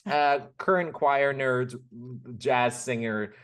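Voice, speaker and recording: A man's voice: medium pitch, slow pace, very noisy. A man co-hosting a podcast in casual chat, playful and teasing. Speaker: podcast co-host.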